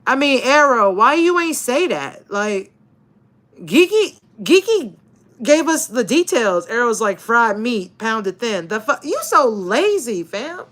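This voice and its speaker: Animated woman on a stream, slangy and jokey, laughing a lot, bouncy voice. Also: high-pitched, measured pace. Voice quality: laughs often, animated and playful. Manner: lively, swears casually, uses slang. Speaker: YouTuber and paranormal investigator. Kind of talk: casual livestream chat reading comments.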